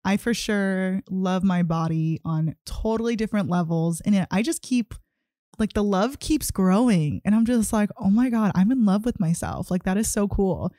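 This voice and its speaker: A woman's voice: medium pitch, normal speed, mellow, dry recording, studio quality. A young woman hosting a solo podcast in a casual, gushing way, full of "like" and "you know". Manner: giddy, gushing, heavy use of "like". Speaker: podcast host.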